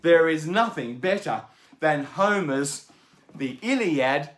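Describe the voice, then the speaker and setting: A man's voice: fairly high pitch, lively intonation, slow pace, fairly bright tone. A man hosting a book channel, talking casually and enthusiastically while unboxing and explaining, with many fillers.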